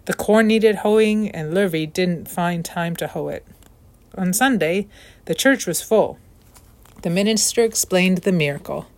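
A woman narrating a children's novel aloud with steady, clear storytelling. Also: lowish voice, measured pace.

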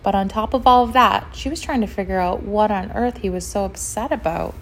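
A woman narrating a children's story in a gentle, expressive way, with chatty asides to the listener. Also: medium pitch, brisk, a little hiss or hum.

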